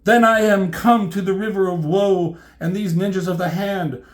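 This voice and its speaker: A man's voice: high voice, steady tone, moderate pace, voice pushed up, close to an everyday voice. A man voicing an overwrought woman warrior in a raised, theatrical, grandiose old-fashioned way. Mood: dramatic. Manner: grandiose archaic delivery.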